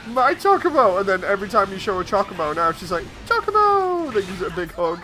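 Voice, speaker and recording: A man's voice: high-pitched, fairly even intonation, very fast, pushed and bright, faint music behind. A man streaming, telling amused anecdotes in casual chat and chuckling often.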